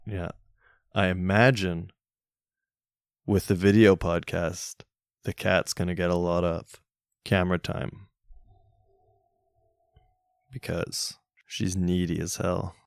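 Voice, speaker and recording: A man's voice: sits low, creaky, no echo, studio quality. A young man hosting a solo podcast, rambling casually with jokey, self-mocking, crude humor. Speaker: podcast host.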